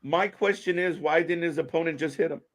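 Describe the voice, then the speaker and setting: A man co-hosting a live wrestling stream, laughing often and reading viewers' chat messages aloud in relaxed banter. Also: a little high, brisk. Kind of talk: casual live-stream commentary.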